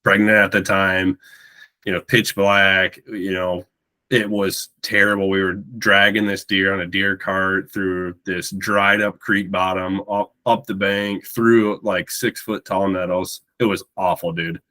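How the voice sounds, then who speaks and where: A man's voice: low voice, level tone, unhurried, bright, forceful tone. A man, a podcast guest telling a long story in a rambling, casual way and acting out the dialogue. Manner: rambling, repeats words while recounting.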